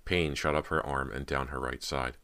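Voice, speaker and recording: A man narrating a horror audiobook in an even, measured way. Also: very deep voice.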